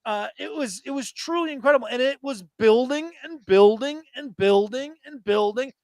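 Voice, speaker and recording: A man in his thirties co-hosting a wrestling podcast, telling stories with excited, profane enthusiasm. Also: very high-pitched, normal speed, dry recording. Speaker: podcast co-host. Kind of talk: casual wrestling chat.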